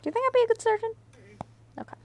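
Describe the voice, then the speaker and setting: A woman's voice: very high-pitched, flat delivery, rapid-fire, a little mellow. A woman streaming a game, chatting casually in a playful, whiny way, swearing and laughing often. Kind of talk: casual gaming stream chat.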